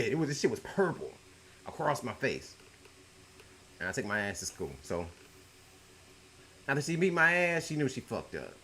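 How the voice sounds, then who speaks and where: A middle-aged man telling a story from his own life in a casual, profane way, jumping between loud outbursts and low mutters at home. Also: a little hiss or hum. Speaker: YouTube storyteller.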